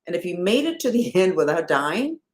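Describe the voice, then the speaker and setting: A woman, a spiritual movement leader, talking casually and rhetorically to her followers, swinging between emphatic and hushed delivery. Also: lowish voice, big pitch swings, brisk.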